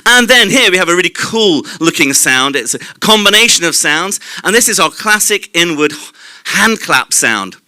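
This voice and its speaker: A man presents on stage with a very bright, ringing tone and a lively, swooping delivery. He explains how sounds are made, demonstrates them himself and draws the audience in with quick questions. His voice sits a touch high and sounds close and dry. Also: clear, resonant tone, no echo. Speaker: presenter at a live short-talk night. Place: club venue at a live evening event.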